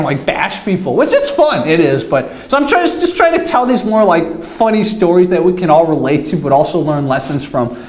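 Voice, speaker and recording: A young man casually telling a rambling, self-mocking story with plenty of swearing. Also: sits high. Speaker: vlogger. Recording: echoey room.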